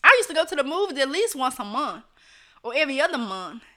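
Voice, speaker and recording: A woman with a high, very bright voice hosts a casual live stream. She chats straight to her viewers, reads out their comments and laughs easily. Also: sing-song, fast talker. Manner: chatty, laughs often, talks straight to viewers.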